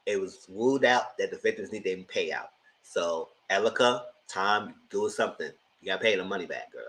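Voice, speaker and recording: A man hosting a live TV review, giving sassy, animated commentary straight to his viewers. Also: low-pitched, moderate pace, poor audio. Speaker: TV review host.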